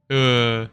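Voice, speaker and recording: Slow, bright-voiced male game dev streamer. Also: mid-range voice, clean tone. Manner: chuckles often, relaxed and rambling. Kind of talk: casual livestream chat, reading chat aloud.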